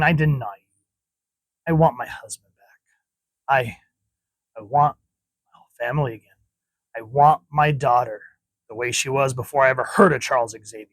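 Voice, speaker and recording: A man's voice: medium pitch, a bit bright, no echo. A man reading out the lines of a bitter, grieving older grandmother, in an accusing tone. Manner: bitter, accusing read-aloud.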